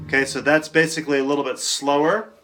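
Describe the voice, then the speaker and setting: A man's voice: a little high, steady tone, fast talker, loud music behind the voice. A man teaching a casual drum lesson in a practice room, counting rhythms aloud and vocalizing the beat. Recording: loud drum kit playing behind.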